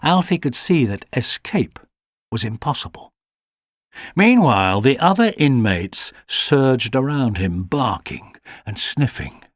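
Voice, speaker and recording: A man giving an expressive audiobook reading of a children's story. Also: medium pitch, slow pace, dry recording, clean studio sound. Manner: lively and expressive. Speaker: audiobook narrator.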